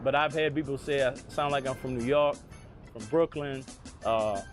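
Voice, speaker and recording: A man with a New Orleans accent explaining local speech in a measured way in an interview. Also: medium pitch, faint music behind.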